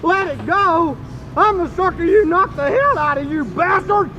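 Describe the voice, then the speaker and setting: Brief: hotheaded Southern racer in a game cutscene, yelling, high and piercing. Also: male voice, animated, moderate pace, highs cut off, a little hiss or hum, heavily acted. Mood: enraged. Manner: yelling, abusive. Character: furious male rival racing driver, hotheaded.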